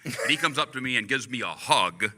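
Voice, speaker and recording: A man tells a story on a convention panel with bouncing, lively pitch. He acts out the quotes and laughs along as he goes. His voice is very bright and rings through a large hall. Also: a little fast. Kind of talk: animated storytelling. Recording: hall reverb.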